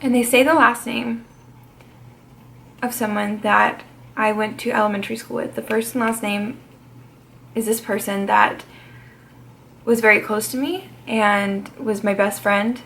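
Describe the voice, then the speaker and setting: Gravelly-voiced young woman telling a story. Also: medium pitch, steady tone, a little slow, long pauses, fairly bright tone, a little hiss or hum. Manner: chatty, swears freely and laughs between lines. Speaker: vlogger. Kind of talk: casual storytime vlog.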